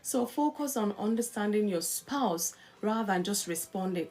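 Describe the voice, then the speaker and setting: A middle-aged woman hosting a live-stream talk on marriage, coaching listeners in an earnest, animated way. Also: mid-range voice, moderate pace, few pauses. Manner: animated, acts out quarrelling spouses in quotes. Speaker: host.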